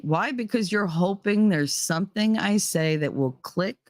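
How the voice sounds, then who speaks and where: A woman's voice: mid-range voice, a little slow, a little mellow, no room sound, studio quality. Blunt, profane woman with a Jersey accent. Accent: New Jersey. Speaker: vlogger. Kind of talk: ranting monologue.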